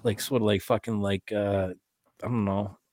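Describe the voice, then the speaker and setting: A man's voice: fairly low pitch, level tone, moderate pace, a little mellow, dry recording. A man speaking as a podcast guest in casual chat, emphatic and full of fillers and swearing. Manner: emphatic, profane, filler-heavy talk.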